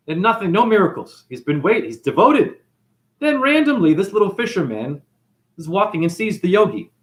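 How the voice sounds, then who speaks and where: A man giving a freewheeling, jokey spiritual monologue, shouting catchphrases and acting out characters. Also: high-pitched, very animated, fairly quick. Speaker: spiritual talk host.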